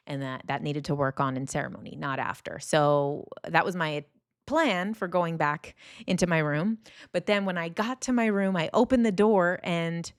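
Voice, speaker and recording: Low-voiced woman telling a rambling story. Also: no echo, studio quality. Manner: rambling, with many fillers and restarts; animated when acting out reactions. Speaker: podcast host. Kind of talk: casual storytelling monologue.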